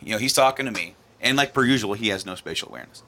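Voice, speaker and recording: A man's voice: on the low side, very fast. A man casually telling a long story among friends, rambling and acting out what others said. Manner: rambling storyteller, animated, laughs while acting out quotes. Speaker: podcast co-host telling a story. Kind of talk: casual chat.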